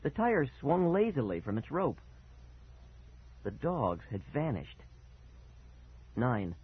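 Man, story narrator, husky, expressive, lively pitch, tinny lo-fi audio. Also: slow, pauses often. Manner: expressive, dramatic reading. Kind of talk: first-person story narration. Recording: tinny phone-like sound.

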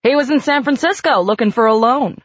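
A woman's voice: on the high side, fairly quick, slightly rough, dry recording, pitched above the performer's own voice. A woman voicing a cheerful older male friend and vineyard owner in an audiobook, teasing as he relishes his news. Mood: knowing. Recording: dry, slightly muffled lo-fi recording.

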